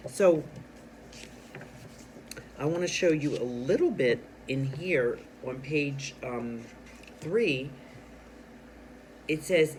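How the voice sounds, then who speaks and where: A man's voice: fairly high pitch, takes it slowly, pauses often, slight background noise, poor audio. A man teaching a reading lesson to young children, asking them questions and explaining clues. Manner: animated, speaks directly to young learners with questions.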